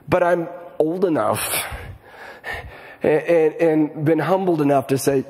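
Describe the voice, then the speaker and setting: Preaching in an unhurried, conversational manner with frequent pauses, a middle-aged pastor brings animated energy and tends to repeat words at the start of sentences. His slightly high male voice echoes with a large church hall's long reverb.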